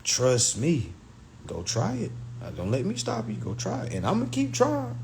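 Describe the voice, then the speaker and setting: A man's voice: mid-range voice, huge pitch swings, moderate pace, vocal fry, darkish tone, slight background noise. A man talking straight to livestream viewers, profane and emphatic, now and then acting out other people's voices. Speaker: livestream speaker. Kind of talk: animated monologue to viewers.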